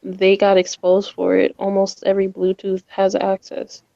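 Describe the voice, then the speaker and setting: A woman joining a livestream panel, chatting casually and explaining things in a relaxed way. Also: mid-range voice, normal speed, vocal fry, no echo. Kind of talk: casual chat. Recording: dull dry audio.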